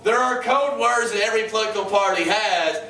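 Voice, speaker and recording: A man's voice: sits high, a little fast, pushed and bright, slight background noise. A male history teacher lecturing a class, joking and sarcastic, often quizzing his students. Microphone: far room mic. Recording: echoey classroom from far off.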